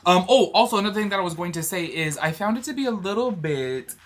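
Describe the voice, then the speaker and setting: A man's voice: high voice, animated, fast talker, fairly bright tone. A man from Georgia, chatting loosely about a cruise in a travel vlog, full of fillers and asides. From Georgia, USA. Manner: chatty and rambling, many fillers. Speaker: vlogger. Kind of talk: casual travel vlog chat. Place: cruise ship cabin.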